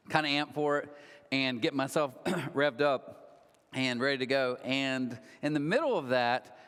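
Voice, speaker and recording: A man in his thirties preaching a sermon, telling stories with lively acted-out quotes. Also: medium pitch, clean tone. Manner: animated storytelling with acted-out quotes. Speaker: pastor. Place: large church hall. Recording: long hall reverb.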